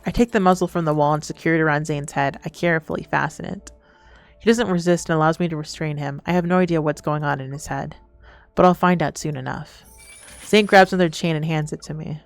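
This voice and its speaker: A young adult woman streaming a game, reading its text aloud between excitable, crude, giggly banter. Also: sits low, fast talker, soft background music.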